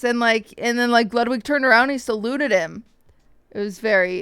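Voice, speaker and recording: A woman streamer telling a story to her chat in a casual, animated way, swearing often and acting out the voices of people she quotes, with hiccups. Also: on the high side, unhurried, smooth, dry recording, studio quality.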